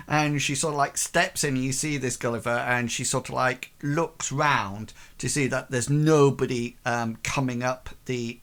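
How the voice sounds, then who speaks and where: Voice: mid-range voice, a little slow, fairly bright tone. Hesitant tabletop game master. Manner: hesitant, filler-heavy narration.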